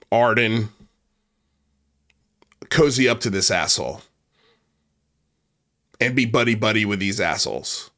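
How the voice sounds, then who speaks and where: A man's voice: medium pitch, sharp tone. A man hosting an online commentary channel, ranting angrily with a lot of swearing and the odd repeated start. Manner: angry, profane, ranting; repeats himself and restarts when worked up. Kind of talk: heated online commentary rant.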